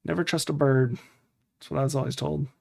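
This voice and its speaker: Playing a retro adventure game, a young man comments casually at a fairly quick clip, his mid-range voice carrying some vocal fry. His deadpan self-talk is wry and dry, and he gives the on-screen text mock-dramatic readings.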